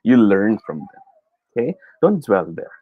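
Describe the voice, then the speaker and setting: A man's voice: lowish voice, big pitch swings, a little slow, narrow, tinny audio. A man with a Filipino accent teaching an online speech class, encouraging, mixing Tagalog and English and chuckling often, heard over a video call.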